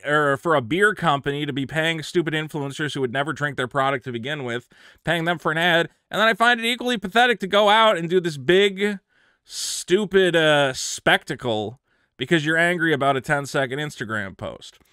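Animated sarcastic male commentator. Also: on the high side, clear, resonant tone, no room sound, studio quality. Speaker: commentary YouTuber. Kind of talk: opinionated commentary.

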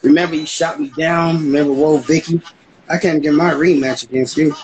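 A man's voice: a little high, fairly even intonation, a little fast, a little mellow, slight background noise, poor audio. Taunting man with a raised voice. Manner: taunting, boastful, laughing jabs. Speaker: roast battle opponent. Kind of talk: livestream roast battle.

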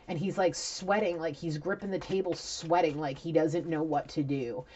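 A woman's voice: sits low, normal speed, darkish tone, dull audio, a little hiss or hum. A woman doing an intuitive reading, talking casually and emotionally and swearing freely. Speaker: intuitive reader.

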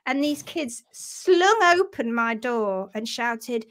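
A woman telling a funny story on a live stream, animated and self-mocking, laughing often. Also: fairly high pitch, takes it slowly. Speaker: host of a live horse-care session.

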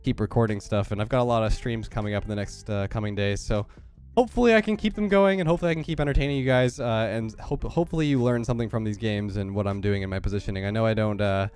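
Fast-talking stuffed-up gamer man. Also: on the low side, lively intonation, a little mellow, smooth, soft background music. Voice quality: nasal. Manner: quick, focused play-by-play. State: stuffed-up, nasal from illness. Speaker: gaming YouTuber. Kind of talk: live gameplay commentary.

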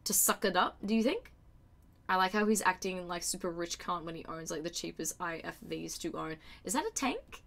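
Bright, lively woman streamer. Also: lowish voice, normal speed, creaky. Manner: chatty and excitable, swears freely, shrieks when surprised. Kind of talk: casual live-stream chat.

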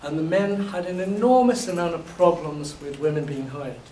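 An English university lecturer teaches a class, acting out examples with lively storytelling in a somewhat raised, fairly high voice that is a little hoarse, at a moderate pace. He is recorded from a distance in a reverberant hall with a faint hum of room noise.

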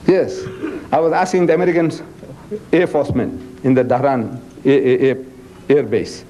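A man with a South African accent giving a religious lecture to a live audience. He acts out dialogues, teases the crowd and recites Arabic scripture quickly between English lines. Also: mid-range voice, animated, mellow, highs cut off. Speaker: Islamic preacher and lecturer.

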